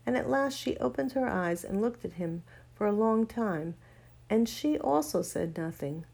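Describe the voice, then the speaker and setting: Female narrator for a children's story, gentle and measured. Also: mid-range voice, lively intonation, gravelly. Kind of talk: storybook reading.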